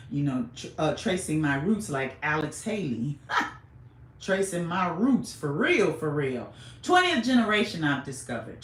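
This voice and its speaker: A woman from the United States hosting a podcast, delivering an impassioned monologue and repeating phrases for emphasis. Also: mid-range voice. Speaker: podcast host. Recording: roomy echo.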